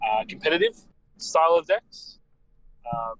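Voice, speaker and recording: Slightly high-pitched hesitant male co-host. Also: expressive, a little slow, fairly bright tone, dry recording, rough recording. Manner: hesitant, many ums and restarts. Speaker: podcast co-host. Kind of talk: casual podcast chat.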